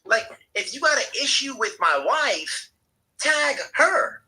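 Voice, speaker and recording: Animated, profane male livestream host. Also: very high voice, slow pace, rough recording. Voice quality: animated, profane, ranting delivery. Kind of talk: casual live-stream chat.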